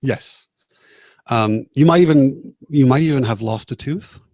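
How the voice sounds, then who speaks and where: A man's voice: mid-range voice, measured pace, a little mellow, dry recording. A man narrating a tabletop game as game master, casual and laughing, with many fillers and restarts.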